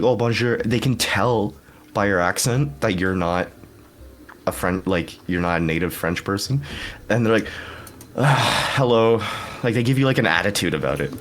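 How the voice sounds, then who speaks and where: A man's voice: sits low, fairly bright tone. A young man co-hosting a podcast, rambling casually, swearing freely and laughing often. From Canada, Hamilton area. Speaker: podcast co-host.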